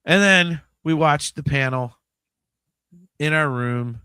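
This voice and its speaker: A man of about fifty, hosting a podcast in casual chat, animated and swearing freely, swinging between mumbling asides and loud outbursts. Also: a little high, slow pace, clear, resonant tone, no echo, clean studio sound. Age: 50s. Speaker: podcast host.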